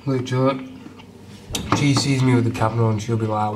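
A man's voice: mid-range voice, fairly even intonation, a little fast. A young man chatting casually in a home vlog, eating as he talks, sounding congested from a cold. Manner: chatty, rambling, eats while talking. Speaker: fitness vlogger. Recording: distant camera mic, noisy room.

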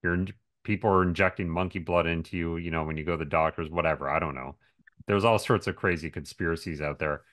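Low-voiced man, emphatic podcast talk. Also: fairly even intonation, fast talker, a bit bright. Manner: emphatic, fond of rhetorical questions. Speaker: podcast speaker on diet and health. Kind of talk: casual podcast conversation.

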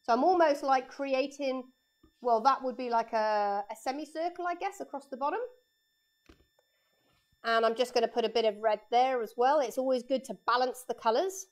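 Using a high voice at normal speed, a woman teaches a live painting lesson for children in her studio. A lapel mic picks her up as she chats and explains each step while drawing.

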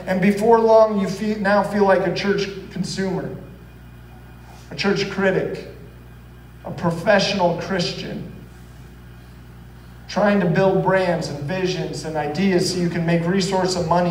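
A man's voice: high voice, fairly even intonation, moderate pace, a little mellow, echoey room, far from the mic, slight background noise, low-quality recording. A man preaching a sermon as pastor, telling the story earnestly and acting out the quoted voices. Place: church hall.

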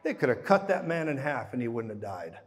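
A man preaching a sermon, telling the story in an animated way and acting out the dialogue with sudden swings in loudness. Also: medium pitch, brisk, big-room sound.

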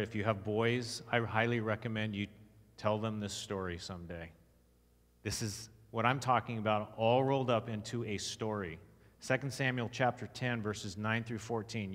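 Speaking in a lowish, fairly bright voice, a Texan-accented conference speaker delivers an emphatic sermon-like teaching. He reads scripture aloud and poses questions to his listeners, his words echoing long through the church hall.

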